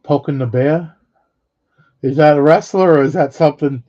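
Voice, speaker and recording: Here a middle-aged vlogger with a mellow, fairly high-pitched voice talks at a normal speed. Casually wandering through old stories, he curses freely and laughs in between, all captured in dull lo-fi sound.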